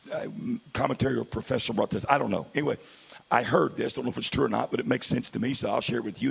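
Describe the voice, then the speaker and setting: A male pastor delivers a sermon in a deeply gravelly, husky voice. He moves between low, quiet asides and loud, stretched-out calls. He speaks at a middle pitch. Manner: swings from quiet asides to loud, drawn-out preaching.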